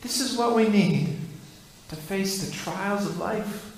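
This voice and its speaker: Man preaching in a big echoey sanctuary, kinda high voice, faint hiss behind. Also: slow pace. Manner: earnest, repetitive preaching cadence. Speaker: pastor. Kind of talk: sermon. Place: church sanctuary. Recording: echoey church hall.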